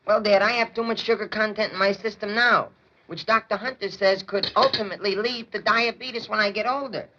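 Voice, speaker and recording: A man's voice: sits high, fairly even intonation, a little fast, sharp tone, slight background noise. A man playing a timid, hypochondriac teenage son in a 1950s film comedy, speaking politely with a nervous stammer, on a lo-fi old soundtrack. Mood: timid, fussy. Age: young adult.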